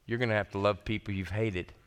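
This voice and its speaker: A man preaching a sermon as pastor, animated and folksy, talking casually to his congregation. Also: lowish voice, fast talker, clean tone.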